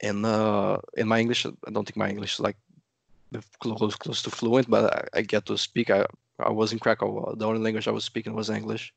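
Guest, man from Brazil, native Portuguese speaker, gravelly voice, dry close sound, lively storyteller. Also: on the low side, fairly quick, dry recording. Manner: lively storytelling, acts out quotes. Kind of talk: casual interview chat.

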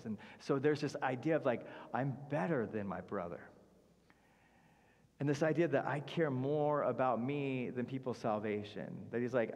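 A man's voice: medium pitch, moderate pace, darkish tone. A man preaching a conversational sermon in a church, acting out the characters' speech and often saying "like". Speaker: pastor. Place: church sanctuary. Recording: church hall reverb.

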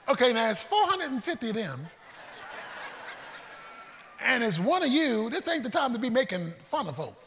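A man preaching a sermon, storytelling with folksy humor and swinging between shouts and hushed asides. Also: extremely high pitch, normal speed, long pauses, in a large hall. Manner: animated preaching, shouting and then dropping to a hush. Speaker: pastor.

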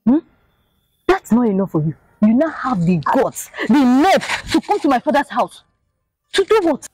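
Fiery nigerian village girl, husky, loud and scornful. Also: on the high side, big pitch swings, moderate pace, no echo, poor audio. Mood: furious. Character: fiery proud young village woman. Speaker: daughter who has left her marriage. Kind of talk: Nollywood film acting.

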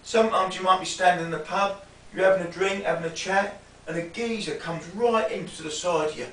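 A man teaching self-defence in a demonstration lesson, often checking in with a quick "yeah?". He speaks from a distance in a roomy space with a faint hiss. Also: high voice, steady tone, fairly bright tone.

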